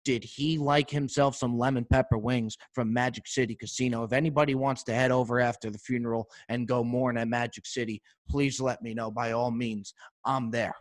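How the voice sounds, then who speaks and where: A male podcast host delivers an animated comedic monologue. He riffs from one bit to the next and keeps turning to his listeners with asides. His voice sits at a mid pitch. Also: moderate pace.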